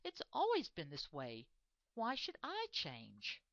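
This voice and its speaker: A woman's voice: fairly low pitch, huge pitch swings, slow, vocal fry, fairly bright tone, dry recording, heavily acted. A boastful lion king, lazy and full of himself, as a woman puts him on for a storybook. He speaks in a pompous, lordly way. The sound is dull and a bit lo-fi. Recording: dull lo-fi dry recording.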